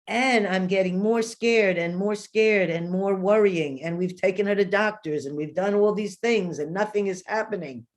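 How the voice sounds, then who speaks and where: A woman in her fifties, a guest in an interview, telling a long personal story in an animated way and acting out the voices she quotes. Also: mid-range voice, moderate pace, few pauses.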